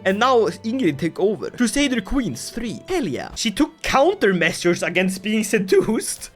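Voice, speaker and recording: A woman hosting comedic gameplay commentary, jokey and excitable, laughing often and swinging between shouts and mutters. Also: fairly high pitch. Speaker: gaming video host.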